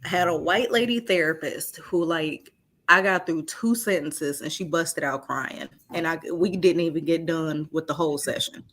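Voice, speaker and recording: A woman guest telling personal stories in a casual interview, animated and giggling, acting out what others said. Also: low voice, normal speed. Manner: acts out other people's lines in shifting voices.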